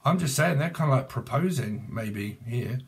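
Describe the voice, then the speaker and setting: A man's voice: medium pitch, lively intonation, moderate pace, a little hiss or hum. Rambling jokey British man reading tarot. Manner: jokey, rambling, free-associating, laughs at own jokes. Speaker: tarot reader.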